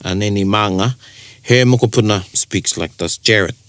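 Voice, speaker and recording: A New Zealand man with a fairly low voice talks through ideas in a relaxed co-host chat. He has a New Zealand accent and slips Māori phrases into his English. The sound is close and dry. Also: normal speed, clear, resonant tone, no echo. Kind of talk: casual bilingual chat.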